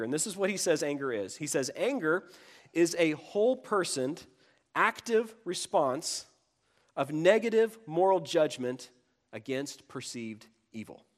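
A man preaching a sermon in a conversational way, breaking into quick impressions of children and adults. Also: mid-range voice. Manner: conversational, acts out quoted voices of kids and adults.

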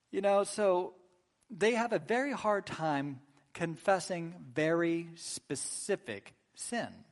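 A man preaching a sermon in a conversational way, often checking in with "right?" and acting out sample apologies. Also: on the high side. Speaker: pastor.

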